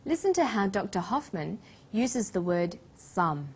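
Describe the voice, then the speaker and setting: Reading from a script, a woman who teaches English speaks slowly and clearly at a middle pitch, with a sing-song lilt and a darkish tone. She measures her pace so that learners can keep up with the lesson.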